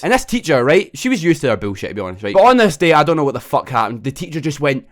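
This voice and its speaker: A man's voice: on the high side, big pitch swings. A young man telling a storytime vlog, swearing a lot and tacking "right?" onto nearly every line. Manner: fast, sweary, constant tag "right?". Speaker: vlogger.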